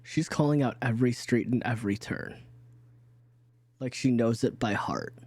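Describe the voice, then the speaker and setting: A man's voice: medium pitch, normal speed, a little mellow, breathy edge, dry recording. A man narrating as game master of a tabletop game, rambling with frequent restarts. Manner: rambling, many fillers and restarts.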